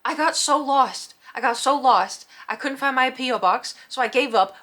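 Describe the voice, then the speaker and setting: A woman's voice: a little high, a bit bright. A woman vlogger telling a rambling, self-deprecating story in a casual storytime vlog.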